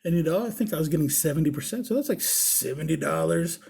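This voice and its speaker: Rich: A husky, mellow-toned man spins a casual story, swearing freely and acting out the back-and-forth in lively bursts. His voice sits a little high for a man, and the delivery is loose and conversational. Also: quick pace. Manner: profane, animated, acts out the dialogue. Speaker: body piercer and show host.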